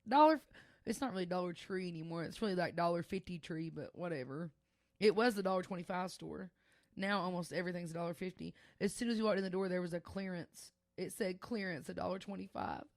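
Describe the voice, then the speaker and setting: On the low side and quick-paced, this young woman's voice comes through a dry, clean studio recording. As a podcast co-host in casual conversation, she tells lively stories and laughs a lot.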